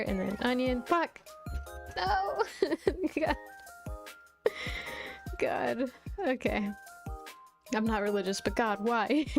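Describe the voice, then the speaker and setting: Chatty woman streamer with vocal fry. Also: mid-range voice. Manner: chatty and rambling, often laughing. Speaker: VTuber streamer. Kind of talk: casual chat while playing a video game. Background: faint game music.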